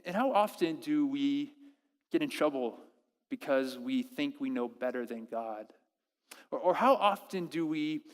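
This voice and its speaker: A man preaching a sermon as pastor, animated and acting out quoted prayers with halting restarts. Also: fairly high pitch, in a large hall. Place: church service.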